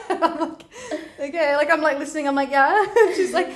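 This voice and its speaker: A woman's voice: high-pitched, moderate pace, slight background noise. A woman, a guest in a casual chat, telling a story animatedly, acting out quotes and swearing freely. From Australia.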